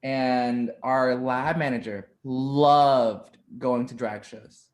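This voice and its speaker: A young man in his twenties, a podcast guest in casual interview chat, telling stories in an animated way and laughing easily. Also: mid-range voice. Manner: animated storyteller, quick to laugh.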